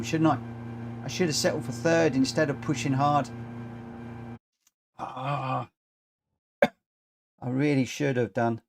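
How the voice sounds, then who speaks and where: A man's voice: medium pitch, background noise. A man live-streaming a racing game, chatting casually and poking fun at his own mistakes. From United Kingdom. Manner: self-deprecating, chatty, talks to himself while racing. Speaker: gaming streamer. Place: home gaming setup, indoors.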